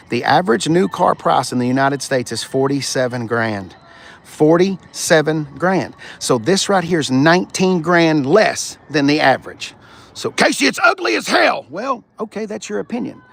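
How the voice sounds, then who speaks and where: A man's voice: a little high, vocal fry. A man hosting a casual live car walkaround on a sunny outdoor dealership lot, rowdy and joking, swearing freely.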